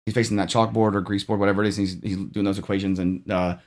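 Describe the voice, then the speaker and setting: A man with a fairly low voice talks through a film in a loose, easygoing way. He hosts the chat, drifting between thoughts, restarting sentences and leaning on fillers as he goes. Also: very fast. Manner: relaxed, rambling with many fillers and restarts. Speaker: channel host. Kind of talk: casual movie discussion.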